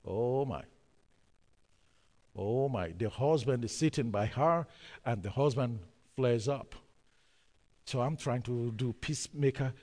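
A man preaching a sermon through a story, emphatic, repeating key words and pausing on fillers. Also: medium pitch, darkish tone, big-room sound.

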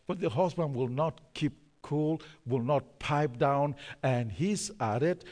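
Emphatic preacher with a higher voice. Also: male voice, slow pace, darkish tone, in a large hall. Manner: emphatic, repeats key words, hesitant fillers. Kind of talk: sermon storytelling.

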